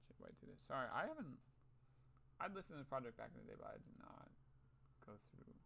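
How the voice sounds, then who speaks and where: A young man talks loosely through his thoughts, swearing freely and trailing off into mutters. His voice is rough and gravelly at an everyday pitch. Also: huge pitch swings, fast, a bit bright. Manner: rambling, profane, muttering to himself. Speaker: vlogger. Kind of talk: casual rambling monologue.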